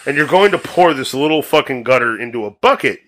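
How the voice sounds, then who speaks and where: Animated profane man rambling. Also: mid-range voice, fairly quick. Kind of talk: casual crude joke chat.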